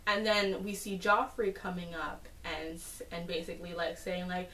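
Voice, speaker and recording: A woman's voice: fairly low pitch, measured pace. Chatty woman recapping an episode. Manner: chatty, lots of fillers, animated asides. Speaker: TV episode reviewer. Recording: roomy, distant from the mic.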